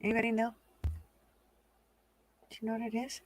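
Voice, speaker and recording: A woman's voice: fairly high pitch, completely flat delivery, moderate pace, no echo. A woman from the American South hosting a casual livestream chat, blunt, profane and teasing with her viewers. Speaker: livestream host.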